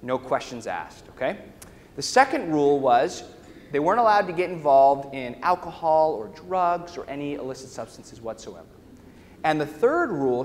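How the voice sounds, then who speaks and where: A man's voice: on the high side, a bit bright. A man giving a conference talk, telling a story and often checking in with the audience with questions, "okay?" and "right?". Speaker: conference speaker. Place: large conference hall. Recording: reverberant hall with faint noise.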